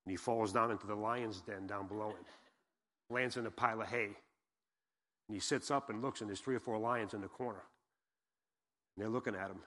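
A man's voice: on the low side, steady tone, normal speed, long pauses, a bit bright. Folksy preaching man in a reverberant church. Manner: folksy storyteller, asks the audience questions. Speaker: guest pastor. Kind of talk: sermon with joke and scripture reading. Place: church sanctuary. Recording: long hall reverb.

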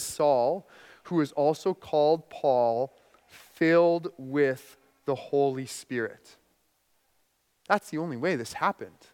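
A man preaching a sermon as pastor, animated, swinging between loud bursts and quiet asides. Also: fairly high pitch, long reverb tail.

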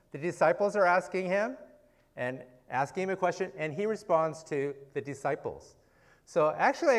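Man, high-pitched voice, informal sermon, conversational teaching, rhetorical questions. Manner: informal, frequent "okay" and "right?" check-ins, rhetorical questions. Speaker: preacher.

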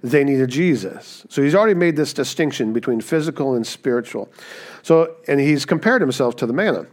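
A man's voice: medium pitch, animated, a little fast. A man preaching a conversational sermon, often checking in with "right?". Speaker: pastor. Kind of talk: sermon teaching.

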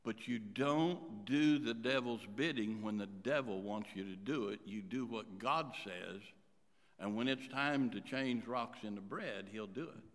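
A man preaching a sermon as pastor, swinging between loud emphasis and quiet asides. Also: fairly low pitch, a little slow. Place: church sanctuary. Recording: reverberant church hall.

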